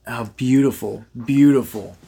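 A man's voice: medium pitch, a little slow, gravelly, warm tone, husky. Man, podcast co-host, eager and rambling, casual film chat. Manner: enthusiastic, rambling with many restarts. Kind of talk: casual movie review chat.

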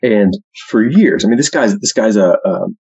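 A man, talking casually about faith, full of "like" and "right?", loud when he acts out quotes. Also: fairly low pitch, expressive, normal speed, gravelly, slightly rough. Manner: conversational, says "like" and "right?" a lot, acts out quotes loudly. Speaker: speaker. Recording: muffled lo-fi recording.

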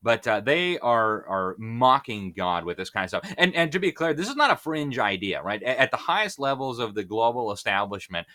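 A man's voice: medium pitch, big pitch swings, normal speed, hardly any pauses, pushed and bright. A man speaking as an interview guest, talking with fervent, preacher-like emphasis. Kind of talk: impassioned interview commentary.

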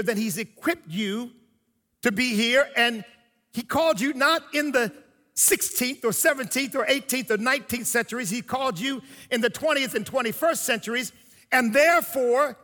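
High bright-voiced preacher in reverberant hall. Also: male voice. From United States. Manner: preaching with emphatic pauses and slow drawn-out phrases. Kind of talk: sermon.

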